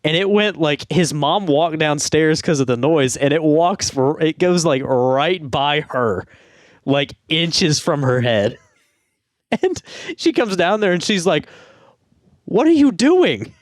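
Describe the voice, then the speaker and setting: A man's voice: fairly high pitch, expressive, slow pace, no room sound, clean studio sound. A young man co-hosting a podcast, telling a rambling story in casual chat and laughing through it. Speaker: podcast co-host.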